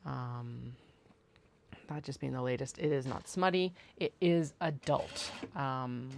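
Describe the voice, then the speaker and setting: A chatty livestream host talking while sewing in a home studio, rambling from thought to thought with lots of "like" and restarts. The voice has a gravelly, fry-heavy edge, and a sewing machine hums faintly behind it. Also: mid-range voice, steady tone, slow pace, a little hiss or hum. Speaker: bag maker and livestream host.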